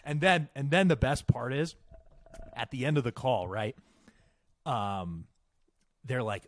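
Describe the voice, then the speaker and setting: A young man tells a story on a podcast in a loose, profane rant. His voice sits at an ordinary pitch and is recorded close and dry. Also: takes it slowly, long pauses, no echo. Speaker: podcast co-host. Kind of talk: casual chat.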